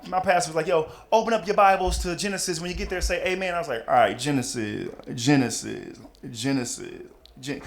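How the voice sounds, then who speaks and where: A young man doing a stand-up comedy set on a club stage, talking casually and jumping into loud high voices for the people in his stories. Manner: animated, jumps into loud high-pitched voices for characters.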